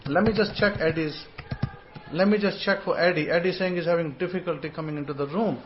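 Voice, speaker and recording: A man leads an informal online scripture lesson, drifting between thoughts and repeating himself as he goes. He sometimes slows down to sound out single syllables one by one. His voice sits a little high and comes through a dull, lo-fi connection. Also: a little hiss or hum. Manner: rambling, repeats words, sounds out syllables slowly. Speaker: host and religious teacher.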